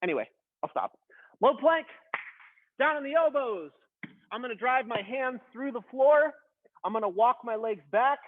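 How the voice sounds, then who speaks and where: A man instructing a beginner workout, coaching in a casual, encouraging way while straining through a plank. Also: very high-pitched. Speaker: fitness instructor. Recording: tinny phone-like sound.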